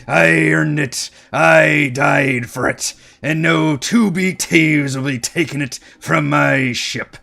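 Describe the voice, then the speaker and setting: A man voicing a menacing undead skeleton pirate captain with loud, slow pirate bluster in a tabletop game. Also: fairly high pitch, creaky, pitched above the performer's own voice, exaggerated voice.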